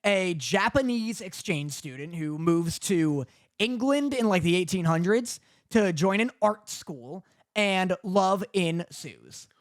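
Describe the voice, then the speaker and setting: A man co-hosting a casual podcast, telling stories in a loose, rambling way. His pitch rises and falls a lot as he talks, and he acts out the characters' lines as he goes. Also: animated, takes it slowly. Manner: rambling storytelling with quoted voices. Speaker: podcast co-host. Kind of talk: casual chat.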